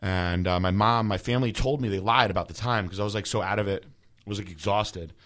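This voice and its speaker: A man with a very low voice tells a long personal story in a loose, casual way. He talks in a rambling manner, full of fillers and restarts. He sounds like a host in his thirties chatting on a podcast. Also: fairly quick, a bit bright.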